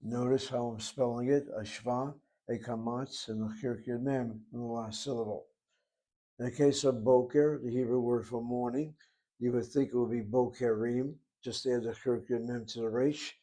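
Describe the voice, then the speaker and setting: A man's voice: mid-range voice, fairly even intonation, normal speed, mellow. A man giving a classroom lecture on Hebrew grammar, methodically spelling out vowels and letters at the board. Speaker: Hebrew teacher.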